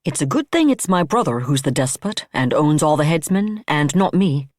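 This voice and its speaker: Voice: medium pitch, sing-song, normal speed, no echo, natural voice. A narrator voicing a dry, joking male nobleman who talks in a wry way.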